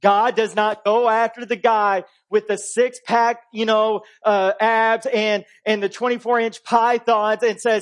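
A pastor preaching a conversational sermon, swinging between emphatic and hushed delivery. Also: male voice, very high voice, flat delivery, a little slow, few pauses.

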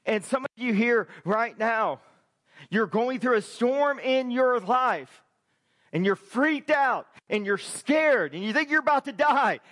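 Male pastor, very high voice, emphatic sermon delivery, rhetorical questions to the pews. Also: animated, slow pace, a bit bright. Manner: emphatic preaching, asks the congregation rhetorical questions. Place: church.

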